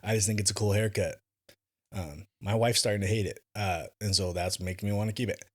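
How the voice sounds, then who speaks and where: A man in his forties co-hosting a podcast, telling stories in a profane, animated way that swings from mumbles to loud bursts. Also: on the low side, a little fast. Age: 40s. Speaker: podcast co-host, jiu-jitsu black belt. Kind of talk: casual podcast banter.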